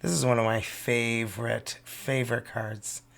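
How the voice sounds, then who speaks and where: Bright, playful Canadian tarot reader. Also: mid-range voice, steady tone, measured pace, creaky. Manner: playful and exclamatory, drops in French card names. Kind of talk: casual tarot reading.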